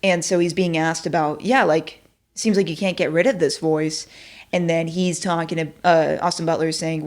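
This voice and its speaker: A woman's voice: sits low, steady tone, normal speed. A woman from Texas hosting a show, talking in a chatty, self-deprecating way full of fillers. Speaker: show host. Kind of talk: casual commentary.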